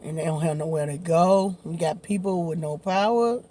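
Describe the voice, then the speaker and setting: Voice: mid-range voice, moderate pace, few pauses, mellow, a little hiss or hum. A vlogger, chatting casually while eating on camera, laughing often and talking in loose, informal slang. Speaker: mukbang vlogger.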